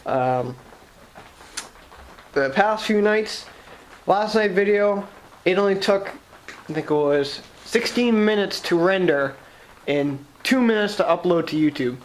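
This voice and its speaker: A man's voice: sits high, animated, slow pace, long pauses, slight background noise. A young man with a Boston accent chatting casually to camera from his shop, rambling and swearing as he jokes. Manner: rambling, profane, jokey. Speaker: vlogger.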